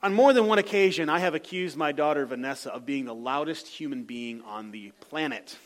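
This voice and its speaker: High-voiced preacher, loud then hushed. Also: male voice, brisk. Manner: swings from loud emphatic calls to soft low asides. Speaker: pastor. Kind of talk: sermon.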